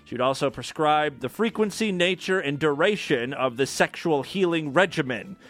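A man's voice: on the high side, expressive, normal speed, a bit bright. A man hosting a podcast, giving casual news commentary with irreverent, crude jokes and frequent laughs. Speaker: podcast host.

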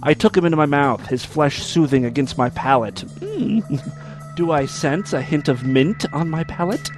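A man's voice: fairly high pitch, moderate pace. A wisecracking man with a slightly raised voice reads a story aloud and keeps cutting in to ridicule it. His delivery is sarcastic, and faint music plays underneath. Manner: sarcastic, wisecracking, laughs at the text. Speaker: host. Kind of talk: comedic reading with mocking commentary.

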